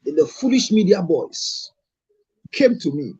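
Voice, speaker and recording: A man's voice: high voice, very animated, measured pace, a little mellow, breathy edge. A Ghanaian man, a marriage counselor, telling stories to an audience and scolding with rhetorical questions. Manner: scolding, rhetorical questions, mixes in Twi phrases. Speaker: marriage counselor and show host. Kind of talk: lively storytelling talk to an audience.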